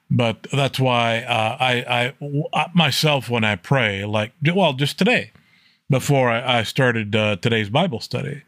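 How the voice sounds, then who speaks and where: A man teaching an informal Bible study, reading scripture aloud and explaining it plainly, often checking in with a quick "okay?". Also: on the low side, fairly bright tone, no room sound, studio quality. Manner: plainspoken, repeats "okay?" to check listeners follow; reads scripture aloud with rising emphasis.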